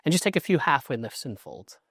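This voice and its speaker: A man's voice: a little high, big pitch swings, brisk, a bit bright, slightly rough, no room sound, studio quality. A middle-aged man teaching a yoga class, cueing poses in short instructions with an encouraging, chatty manner.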